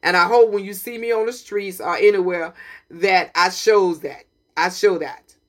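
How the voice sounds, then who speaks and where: A woman's voice: mid-range voice, fairly even intonation, moderate pace, fairly bright tone. A woman hosting a community radio broadcast, talking with preachy, emphatic passion and repeating her points. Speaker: radio host.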